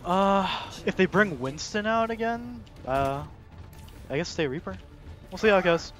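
A man with a slightly high voice barks loud, excited callouts to his teammates. Game music runs clearly behind him. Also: unhurried.

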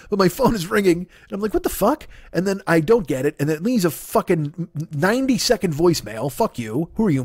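A man's voice: fairly high pitch, a little mellow, husky, dry recording. A man in his fifties hosting a solo comedy podcast, rambling through a profane, sarcastic rant. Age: 50s.

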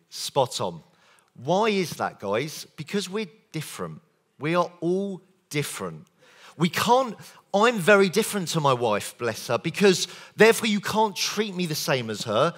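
Animated male keynote speaker. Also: a little high, a little slow. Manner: animated, engages audience with show-of-hands questions and jokes. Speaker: sales trainer and conference speaker. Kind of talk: lively conference keynote talk. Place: conference hall.

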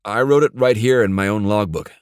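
A man's voice: on the low side, brisk, clean tone, no echo, clean studio sound, natural voice. A man narrating an audiobook and voicing a plainspoken young Marine corporal.

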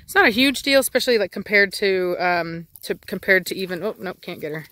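A woman's voice: medium pitch, animated, brisk, pushed and bright, no echo. Chatty woman breeder, dry close sound. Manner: rambling, chatty, many fillers and restarts. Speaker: dog breeder. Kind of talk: casual outdoor vlog chat. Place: outdoors in a yard with dogs.

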